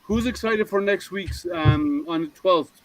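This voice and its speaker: A man's voice: high voice, measured pace, no room sound, low-quality recording. Teasing, chatty man on a call. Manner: chatty, teasing, laughs often. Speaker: host of a group video hangout. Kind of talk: casual group chat. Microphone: video call.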